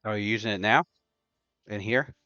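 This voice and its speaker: A man running a tabletop game as game master, explaining rules with many pauses and fillers. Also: on the low side, pushed and bright, no echo, dull audio, soft background music.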